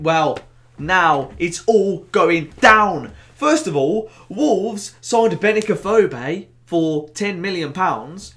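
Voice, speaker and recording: A young man with a Birmingham accent hosting a casual football vlog, animated and jokey, with bursts of excitement. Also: sits high, slow pace. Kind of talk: casual to-camera football chat.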